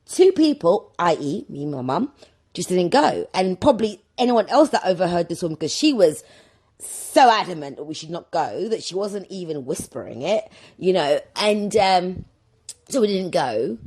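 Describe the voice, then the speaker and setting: Chatty, husky woman rambling. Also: fairly low pitch, big pitch swings, moderate pace, darkish tone. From London. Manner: chatty, rambling, digressive storytelling. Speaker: podcast host. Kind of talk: casual solo podcast chat.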